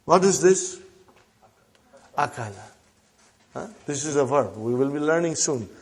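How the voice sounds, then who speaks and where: A man teaching Arabic to a class, slowly repeating phrases and prompting the students with short questions. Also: a little high, expressive, a little mellow, husky. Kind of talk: classroom lesson.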